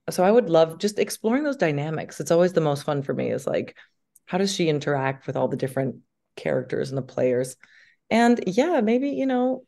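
A woman's voice: low voice, mellow. A woman in her thirties, an actress chatting animatedly as a guest in an interview, full of fillers. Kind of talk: casual interview chat.

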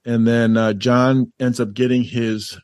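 A man's voice: medium pitch, level tone, measured pace, a little mellow, no room sound, studio quality. A male podcast co-host in casual movie chat, rambling and laughing easily.

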